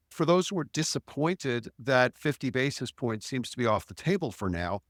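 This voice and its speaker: A man's voice: mid-range voice, fairly bright tone, dry recording, studio quality. A man speaking as a market strategist on a podcast, blunt and wry, with frequent restarts. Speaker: chief strategist.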